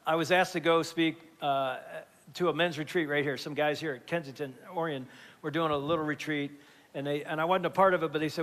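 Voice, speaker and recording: A man in his fifties, a grandfather and pastor, tells stories from the stage in a slightly higher-than-usual voice. He talks like he's chatting, and now and then his voice jumps up loud and high. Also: a little fast. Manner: animated storyteller with sudden loud jumps. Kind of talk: conversational sermon.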